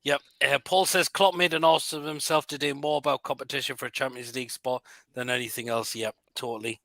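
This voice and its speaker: A man's voice: medium pitch, steady tone, fairly quick, a bit bright, dry recording. A man hosting a casual live stream, reading out viewer comments with short agreeing replies. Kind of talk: casual chat.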